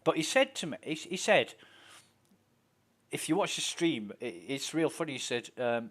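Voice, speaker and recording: A man's voice: a little high, animated, moderate pace, fairly bright tone. A man with a Yorkshire accent chatting casually while streaming a game, telling rambling stories and swearing often. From Yorkshire, England. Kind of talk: casual chat while gaming.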